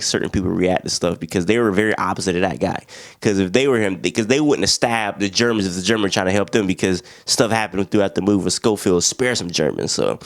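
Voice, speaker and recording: A man's voice: fairly low pitch, vocal fry, no room sound, studio quality. A young man, casually recapping a war movie and acting out the characters' lines. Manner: slangy, animated retelling with acted-out quotes. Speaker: film reviewer.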